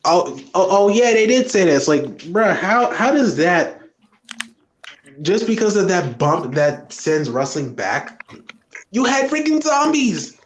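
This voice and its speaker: A man co-hosting a casual wrestling podcast, opinionated and quick to agree. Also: a little high, expressive. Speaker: podcast co-host. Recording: roomy echo.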